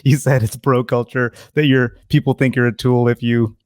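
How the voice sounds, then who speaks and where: A man's voice: mid-range voice, level tone, normal speed, a little mellow, no echo, clean studio sound. A man who laughs easily, a guest in a casual podcast chat.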